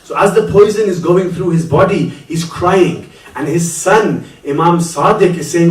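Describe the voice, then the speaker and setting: A man delivering an impassioned Muharram sermon, his voice pitched a little high. He tells the story with rising fervour and swells into lament. The sound comes from a distance and rings around a roomy hall. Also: unhurried. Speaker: preacher.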